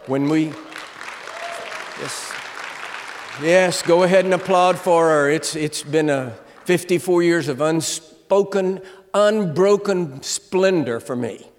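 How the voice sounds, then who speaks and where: An older man in his seventies delivers a humorous sermon in a high, bright voice. He tells his stories with comic timing and lets the big lines ring out as shouts. His voice carries long reverb from a large church sanctuary. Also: slow, a faint crowd, slight background noise. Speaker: guest preacher.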